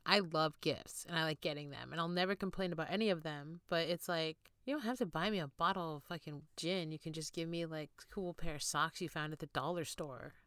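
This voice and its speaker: A woman co-hosting a casual podcast, talking in an animated, emphatic way and swearing constantly. Her voice is bright and smooth, and it sits close on a dry mic. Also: deep voice, no echo. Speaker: podcast co-host. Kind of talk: casual chat.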